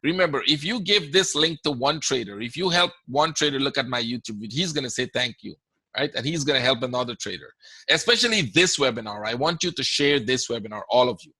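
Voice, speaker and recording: A man's voice: mid-range voice, lively intonation, brisk, sharp tone, slightly rough, dry recording. A man with a Guyanese accent, hosting a trading webinar in a conversational way, often checking in with "right?" as he answers questions. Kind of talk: live webinar Q&A talk.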